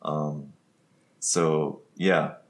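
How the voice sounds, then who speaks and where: A man's voice: extremely low pitch, level tone, drawn-out words. A man co-hosting a podcast, explaining things casually and with enthusiasm. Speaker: podcast co-host.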